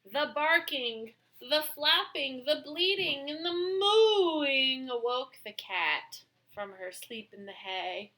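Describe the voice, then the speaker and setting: A woman reading a children's picture book aloud with expressive storytelling. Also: sits high, slow, few pauses, rough recording.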